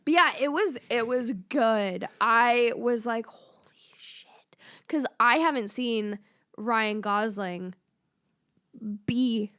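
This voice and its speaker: A woman co-hosting a podcast, chatting casually and reacting to her co-host with quick interjections. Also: fairly high pitch, fairly bright tone, smooth, no echo, clean studio sound. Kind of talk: casual chat.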